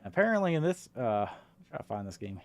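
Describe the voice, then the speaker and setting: A man's voice: medium pitch, very animated, fast talker. A man co-hosting a casual chat about games, rambling with lots of filler words and the odd swear. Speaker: podcast co-host.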